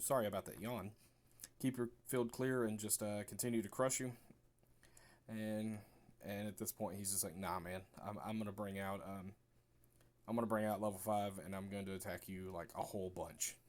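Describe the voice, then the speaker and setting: A young man casually recapping a card game match, chatty and relaxed, acting out both players' remarks. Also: lowish voice. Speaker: card game video creator.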